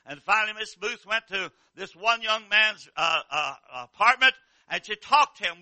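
Older male revival preacher, high voice, fervent repetitive cadence, low murmurs to shouts. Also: normal speed, few pauses, dry recording. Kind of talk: revival sermon.

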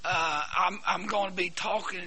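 Hoarse preacher, high and bright. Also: male voice, fairly even intonation. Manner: halting, repeats words, bursts into shouting. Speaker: pastor. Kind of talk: sermon. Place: church.

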